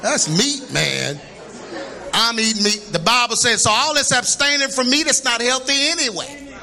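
A man preaching a sermon to a congregation, joking and laughing and breaking into shouts. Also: extremely high pitch, moderate pace, vocal fry, some chatter behind. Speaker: pastor. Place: church before a congregation.

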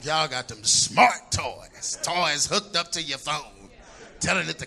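A middle-aged man preaching a sermon, animated and humorous, shouting for emphasis as he tells stories. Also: on the high side, takes it slowly.

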